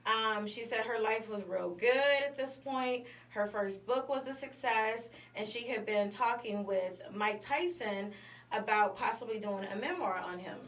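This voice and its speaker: A woman's voice: on the high side, a little slow, a bit bright. A woman hosting a morning show, telling a story in casual chat with lots of fillers. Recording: echoey room, mic at a distance, faint noise.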